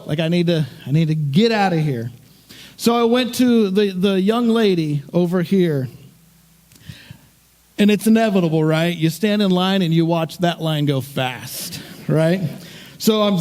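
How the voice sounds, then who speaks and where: A man's voice: high-pitched, a little mellow. A middle-aged man, a pastor, telling a story in his sermon in a conversational, self-deprecating way.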